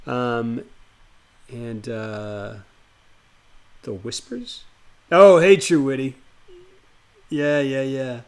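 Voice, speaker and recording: A man's voice: mid-range voice, fairly even intonation, drawn-out words, long pauses, clean tone. Rambling, chatty male streamer. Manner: chatty and rambling, greets viewers by name, many fillers. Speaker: live streamer. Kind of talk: casual chat with stream viewers, then reading a horror story aloud.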